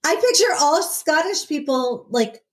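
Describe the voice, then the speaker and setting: Woman, casual chat, playful, joking, slightly high voice. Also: measured pace. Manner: playful, jokey, animated with laughs. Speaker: podcast co-host.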